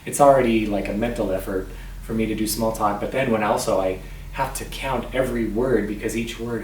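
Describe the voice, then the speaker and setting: Strained, halting man in an echoey room. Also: lowish voice, a little mellow, recorded from a distance, slight background noise. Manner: halting, with frequent restarts and throat clearing. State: strained voice with catches in the throat. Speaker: vlogger sharing his voice disorder. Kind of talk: personal vlog storytelling.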